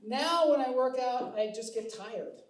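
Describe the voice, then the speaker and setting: Very high-pitched and unhurried, this middle-aged comedian from Seattle, USA works a live audience with a wry, self-mocking set, voicing bits of dialogue. The recording is echoey and distant, with audience sounds around him.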